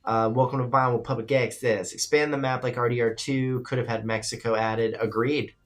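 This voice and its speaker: A man's voice: medium pitch, fairly even intonation, fairly quick. A man hosting a live-streamed show, chatting casually, reading viewer comments and giving loose, opinionated takes with free swearing. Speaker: livestream radio show host.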